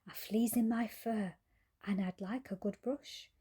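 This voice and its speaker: A woman's voice: mid-range voice, fairly even intonation, measured pace, mellow, husky. A woman voicing an exasperated, itchy male cat who speaks in indignant, huffy outbursts in a read-aloud storybook. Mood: determined. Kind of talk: storybook character voice.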